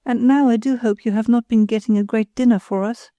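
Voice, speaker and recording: A woman's voice: on the high side, steady tone, fairly quick, warm tone, no room sound, close to an everyday voice. A woman reading the part of a pretentious, self-satisfied married woman who chatters condescendingly. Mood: gushing.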